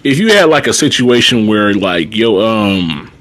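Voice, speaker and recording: A man chats casually on a livestream about his work as a nursing assistant. His pitch swings widely as he tells the stories. He breaks into laughter often and talks in loose slang. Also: big pitch swings, measured pace, fairly bright tone.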